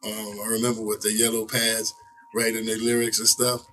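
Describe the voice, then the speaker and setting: A middle-aged New Yorker and veteran rapper, appearing as a guest in a casual interview in an indoor room, tells stories from his career. He's an animated storyteller, acting out quotes in profane slang with plenty of swearing. His fairly low voice moves at a moderate pace, picked up from a distance with slight background noise.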